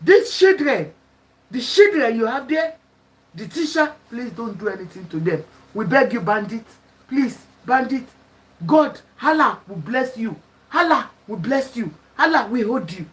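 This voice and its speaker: Impassioned Nigerian woman commentator, high voice. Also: sing-song, a little slow, low-quality recording. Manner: impassioned, pleading, breaks into shouts. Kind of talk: emotional commentary.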